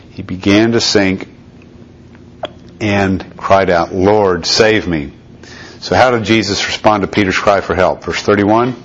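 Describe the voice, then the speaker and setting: A low-voiced man preaching a Bible teaching sermon. He walks through scripture in a conversational way, checking in with his listeners as he goes. The recording is slightly dull and lo-fi. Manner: conversational, checks in with "okay?" and "right?".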